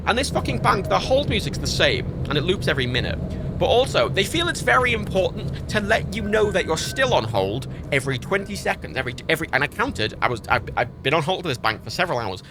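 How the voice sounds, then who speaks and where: A man's voice: high-pitched, quick pace, noisy background. A young man chatting on a livestream while gaming, telling an exasperated story with lots of swearing. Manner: animated, exasperated ranting with swearing. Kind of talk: casual stream chat while gaming.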